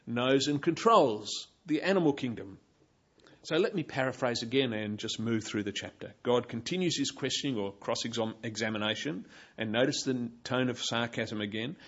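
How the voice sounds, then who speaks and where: A man's voice: mid-range voice, normal speed, slightly rough, dull audio. A man giving a Bible teaching, explaining passages and pointing his listeners to verse after verse.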